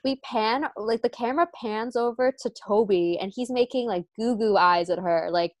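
A woman guest on a podcast, recapping a TV episode in casual chat with animated storytelling. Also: on the high side, normal speed, dry recording.

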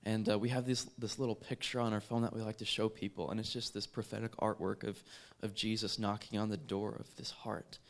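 Earnest man, low-pitched, halting testimony with fillers and restarts. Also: flat delivery. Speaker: street evangelist. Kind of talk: personal testimony.

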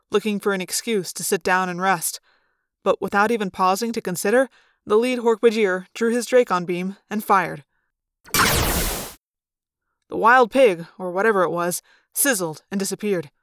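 Female narrator for a storybook read-aloud, expressive and measured, dry close sound. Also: medium pitch, dry recording. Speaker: reader.

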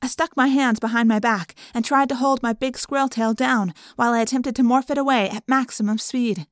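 Audiobook narrator: woman, conversational first-person reading, fairly high voice, dry close sound. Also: fairly even intonation, a little fast, few pauses, no room sound.

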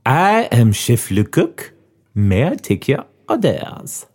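Man doing a stuffy chef in a mock French accent, slow and formal, husky tone, comedy audio play. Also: medium pitch, big pitch swings, a little mellow, pitched below the performer's own voice. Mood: haughty. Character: pompous male French hotel chef.

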